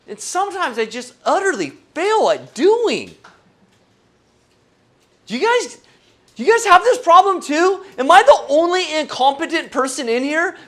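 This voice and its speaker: Unhurried joking male pastor. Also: extremely high pitch, a bit bright. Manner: humorous, self-deprecating, asks the audience questions. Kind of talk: conversational sermon.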